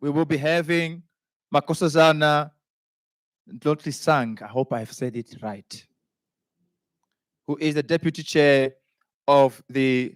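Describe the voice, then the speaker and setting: A man's voice: a little high, fairly even intonation, unhurried, pauses often, smooth, no room sound. Joking male event host, dry close sound. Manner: chatty and joking, stumbling over names. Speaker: master of ceremonies. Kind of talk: event hosting, introducing a panel. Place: conference hall.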